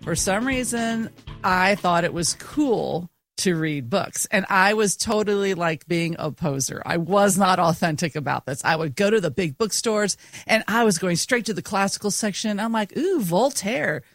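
A woman's voice: mid-range voice, moderate pace, no room sound, faint music behind. A middle-aged woman co-hosting a podcast, telling stories animatedly with lots of fillers and frequent laughter. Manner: animated storytelling, laughing often, filler-heavy. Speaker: podcast co-host. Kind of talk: casual conversation.

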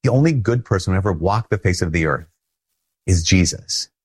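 A man with a Minnesotan accent giving an earnest, conversational sermon as a Catholic priest, often repeating phrases and laughing softly. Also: deep voice, animated, brisk, slightly rough.

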